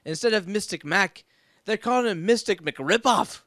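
A male podcast host chats in a slightly high voice, excitable and quick to laugh as he tells stories. The mic sits close, and the sound is dry and dead. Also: dry recording. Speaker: show host. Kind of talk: casual podcast banter.

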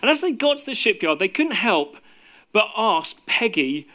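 Male storyteller, bright and forceful tone, unhurried with fillers, hushes for suspense. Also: high-pitched, very animated. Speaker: speaker. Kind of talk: storytelling talk.

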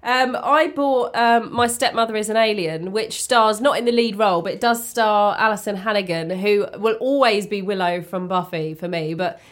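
A woman's voice: medium pitch, normal speed, few pauses. A woman, co-hosting a podcast in a casual, rambling way with frequent ums. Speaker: podcast co-host. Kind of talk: casual chat. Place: warm indoor room.

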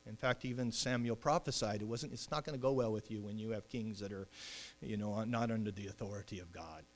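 A man's voice: on the low side, a little fast, long reverb tail, slight background noise. A man preaching a sermon as pastor, talking in a loose conversational way with many fillers and restarts.

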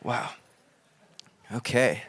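A man preaching a sermon in a church, animated and jokey, acting out voices from scripture. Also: drawn-out words. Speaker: pastor. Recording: long hall reverb.

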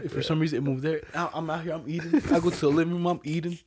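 A young man casually telling stories with a lot of swearing, his voice jumping high whenever he quotes someone. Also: racing, husky. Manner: animated, swearing, jumps way up in pitch when quoting people. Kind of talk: casual storytelling chat.

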